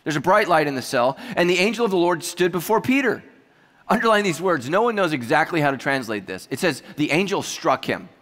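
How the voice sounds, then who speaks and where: A man with a slightly high voice preaches a sermon, and his jokes and storytelling asides keep it lively. His voice rings out with a long reverb tail, as in a large church auditorium. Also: fairly quick. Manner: humorous, animated storytelling with asides. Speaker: pastor.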